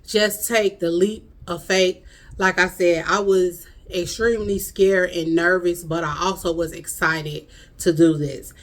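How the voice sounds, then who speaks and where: A woman's voice: lowish voice, steady tone, unhurried. A woman in her thirties with a Chicago accent, chatting earnestly to her viewers in a casual vlog. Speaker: vlogger.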